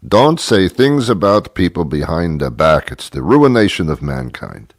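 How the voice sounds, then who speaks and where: A man's voice: sits low, sing-song, measured pace, no room sound, studio quality, exaggerated voice. A man doing a mock impression of the Pope as a solemn, preachy older man.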